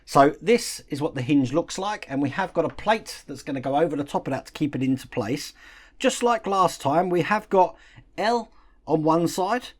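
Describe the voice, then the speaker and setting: Calm man explaining a model build. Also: a little high. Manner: calm, explanatory, talks while working with his hands. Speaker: model-building channel host. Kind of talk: step-by-step build tutorial.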